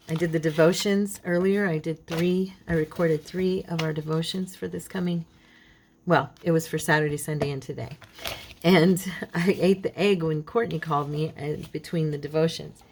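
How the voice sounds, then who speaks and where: A woman hosting a casual crafting tutorial, chatting and talking to herself as she works, with a frog in her throat that keeps her clearing it. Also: low voice, fairly even intonation, moderate pace, darkish tone, a little hiss or hum. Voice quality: chatty, talks to herself while working. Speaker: craft channel host.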